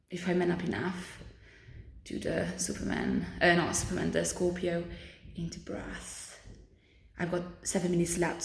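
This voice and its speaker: A woman's voice: lowish voice, gravelly, a little mellow. Breathless woman in an echoey studio. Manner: chatty, self-encouraging, breathless between attempts. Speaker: pole dance instructor. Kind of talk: casual talk-through while practicing. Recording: echoey room.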